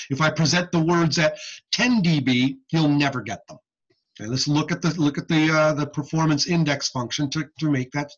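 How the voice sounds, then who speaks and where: A man giving a recorded audiology lecture over slides, teaching deliberately and checking in with "okay?" often. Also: fairly high pitch, a bit bright, lo-fi sound.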